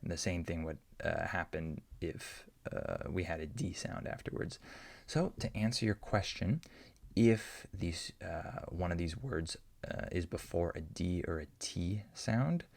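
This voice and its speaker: A man's voice: low-pitched, measured pace, creaky. A man teaching English pronunciation, answering learner questions and patiently repeating example words to show each sound.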